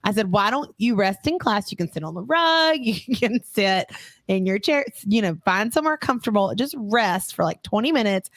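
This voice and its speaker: A woman's voice: medium pitch, normal speed, no echo. Woman, casual chat, acts out dialogue, dry recording. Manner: lively storyteller who quotes herself and others. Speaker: schoolteacher.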